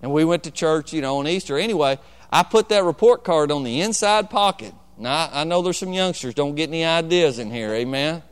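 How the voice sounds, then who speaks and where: A man's voice: a little high, animated, fairly quick, hardly any pauses, smooth. A man pastor preaching a sermon, telling a personal story and calling out to the congregation for agreement.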